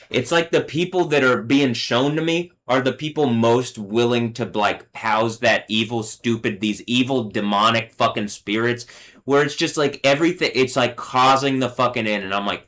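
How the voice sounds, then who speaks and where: A man at a middle pitch pours out an angry, profanity-laced rant on his own livestream. He breaks off mid-thought, restarts, and lets sentences trail away into muttering. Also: a bit bright. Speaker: livestream host.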